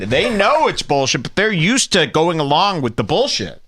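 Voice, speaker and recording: A man's voice: fairly high pitch, normal speed, few pauses. A man hosting a show, mocking a clip with sarcastic commentary. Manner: sarcastic, scoffing, animated. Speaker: podcast host reacting to a clip.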